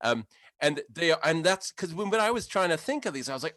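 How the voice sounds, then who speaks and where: A man co-hosting a casual podcast chat, relaxed and joking, often trailing off quietly. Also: fairly high pitch, very fast, no echo, studio quality. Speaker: podcast co-host.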